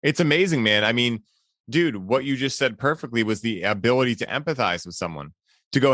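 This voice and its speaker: Earnest male podcast host, mid-pitched. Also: animated, a little fast, a bit bright, dry recording, clean studio sound. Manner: earnest, encouraging, frequent "right?" and "man". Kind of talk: casual reflective conversation.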